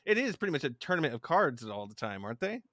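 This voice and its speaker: A man's voice: fairly high pitch, big pitch swings, fast talker, fairly bright tone, no room sound, clean studio sound. A man hosting a podcast, chatting casually in a rambling, self-deprecating way and laughing often. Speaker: podcast host. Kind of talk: casual chat.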